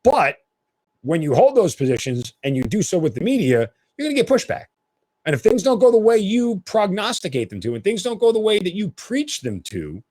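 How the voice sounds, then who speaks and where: A man's voice: mid-range voice, a little mellow, dry recording, clean studio sound. A man hosting a sports talk podcast, giving opinionated, emphatic commentary.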